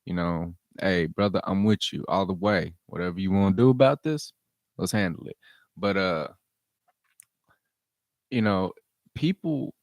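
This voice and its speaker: A man's voice: low voice, a little slow, pauses often, dry recording. A man hosting his own vlog, giving blunt, profane commentary and repeating his points for emphasis. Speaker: vlog host. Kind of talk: casual rant commentary.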